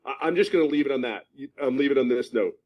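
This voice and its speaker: A man's voice: medium pitch, rapid-fire, dull audio. Emphatic middle-aged man giving a testimonial. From California. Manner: emphatic, repeats himself for stress. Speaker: program member giving a testimonial. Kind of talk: passionate spoken testimonial.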